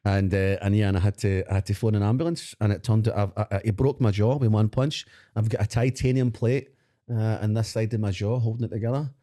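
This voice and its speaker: A Scottish man co-hosting a podcast, chatting casually as an animated storyteller who laughs often and swears. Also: fairly low pitch, quick pace. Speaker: podcast co-host. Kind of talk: casual chat.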